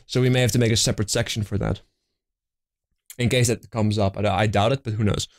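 A man's voice: on the low side, fairly even intonation, quick pace. A young man running a tabletop game, chatting casually on a live stream and rambling through fillers and restarts. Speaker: game master. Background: faint fantasy music.

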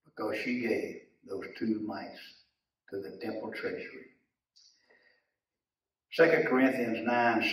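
A man's voice: mid-range voice, a bit bright. A man teaching a Bible lesson in Sunday school, folksy and chuckling, often repeating his words. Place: church classroom. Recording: echoey room, mic far off.

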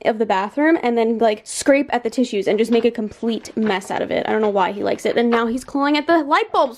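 A young woman in her twenties chatting casually in a home vlog, bubbly and talkative, squealing with excitement and talking to her cats. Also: fairly high pitch, fairly quick, hardly any pauses. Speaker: vlogger. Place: home bedroom and kitchen.

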